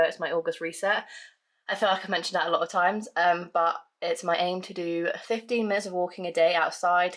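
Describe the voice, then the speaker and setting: A woman chats to a handheld camera in a casual vlog, gushing and easily excited. Her voice sits slightly low but has a sharp, very bright edge. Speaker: vlogger.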